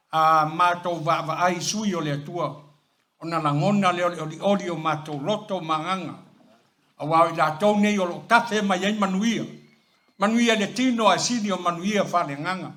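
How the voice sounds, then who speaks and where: A man's voice: sits high, normal speed, fairly bright tone. A man delivering a formal, rhythmic ceremonial speech at a family funeral service. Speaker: family speaker.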